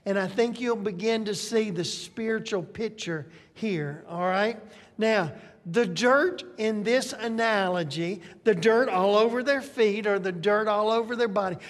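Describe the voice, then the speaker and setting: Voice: medium pitch, unhurried, long reverb tail. A pastor preaching a sermon in a conversational way, who often checks in with listeners through tag questions.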